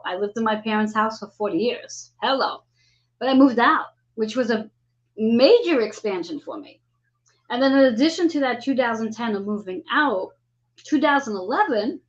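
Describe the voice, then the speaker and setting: A woman in her fifties hosting a casual spiritual astrology chat, talking in an animated way and acting out the voices she quotes. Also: fairly high pitch, muffled recording. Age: 50s. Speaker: host.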